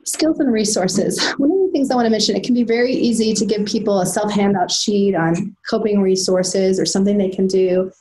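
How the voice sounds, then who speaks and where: A woman's voice: medium pitch, a little fast, hardly any pauses, dark tone, rough recording. A woman giving a recorded slide lecture on trauma and resilience, with frequent fillers and restarts. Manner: hesitant, many fillers and restarts. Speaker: presenter at a telehealth training.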